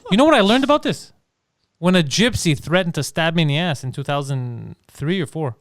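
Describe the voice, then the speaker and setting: A man's voice: fairly high pitch, expressive, brisk, no room sound. A man co-hosting a casual comedy podcast, telling stories in a brash, teasing way. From Greek family background. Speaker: podcast co-host.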